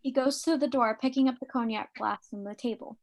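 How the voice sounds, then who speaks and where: Woman reading stage directions, fairly high, brisk, amused; live script reading.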